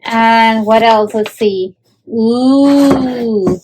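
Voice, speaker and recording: A woman with a high voice hosting a children's history show. She talks slowly and sounds delighted, asking questions and exclaiming over each thing she shows. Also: noisy background. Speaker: host of a kids' history show.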